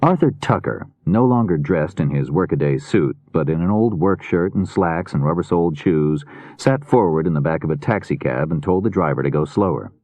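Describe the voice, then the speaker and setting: Man, audiobook narrator, very low voice, lively intonation, dry close sound. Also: normal speed, dry recording. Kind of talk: scripted narration.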